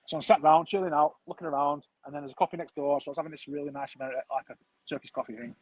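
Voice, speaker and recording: A man's voice: on the high side, fairly even intonation, fast talker, slightly rough, no echo, low-quality recording. A man, telling a rambling, chatty story full of slang as a streamer. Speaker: football streamer. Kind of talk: casual storytelling chat.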